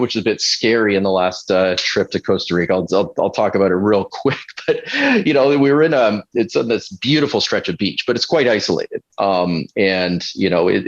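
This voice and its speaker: A fitness coach speaks in a fairly low voice, telling his story in a halting way full of fillers and restarts. He laughs lightly here and there. The recording is dull and lo-fi. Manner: laughs now and then while telling stories. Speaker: fitness coach and retreat leader. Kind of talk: casual podcast conversation. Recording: dull lo-fi sound.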